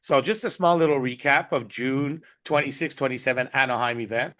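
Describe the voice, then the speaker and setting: A man's voice: mid-range voice, fairly quick, a bit bright. A man hosting an online team recap call, effusive and exuberant, often laughing, speaking over a video call. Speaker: host.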